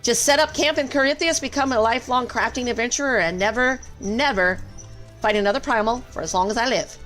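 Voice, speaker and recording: A young woman chats through a game stream, quick to get excited and to giggle. Her voice sits on the higher side. Soft game music hums faintly behind her. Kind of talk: casual live-stream chat.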